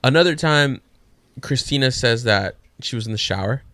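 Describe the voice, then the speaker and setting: A man's voice: medium pitch, expressive, moderate pace, a bit bright, no echo. A man co-hosting a podcast, telling a casual story with laid-back swearing.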